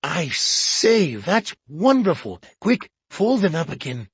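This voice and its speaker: An audiobook reader voicing a bored, sarcastic gentleman sidekick who speaks haltingly and drily. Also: mid-range voice, sing-song, husky, no echo, exaggerated voice. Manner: hesitant, halting, dry and sarcastic. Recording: dull lo-fi audiobook.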